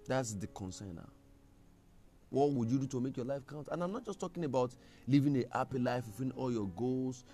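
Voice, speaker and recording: A man preaching a sermon, emphatic, with a gravelly voice. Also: mid-range voice. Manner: emphatic, rising to loud scripture reading.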